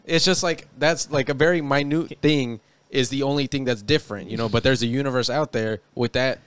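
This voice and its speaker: A man's voice: mid-range voice, fairly quick, fairly bright tone, smooth. A man on a podcast, explaining ideas in a rambling, casual way with lots of filler words. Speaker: podcast co-host. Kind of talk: casual chat.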